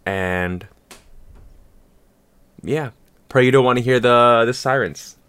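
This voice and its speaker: A man's voice: medium pitch, takes it slowly, fairly bright tone, smooth. A young man co-hosting a casual podcast chat, crude and joking, laughing often. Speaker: podcast co-host.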